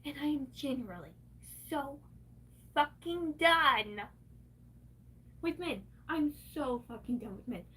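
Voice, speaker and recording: A woman's voice: high voice, expressive, slow, pauses often, bright, forceful tone, recorded from a distance, a little hiss or hum. A woman livestreaming, venting in an angry, profane rant.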